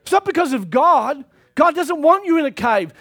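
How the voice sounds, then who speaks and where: A man preaching a sermon to his church, reading scripture and pushing into shouted calls to action. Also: very high-pitched, very animated, normal speed. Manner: impassioned preaching that swells into shouted exhortations.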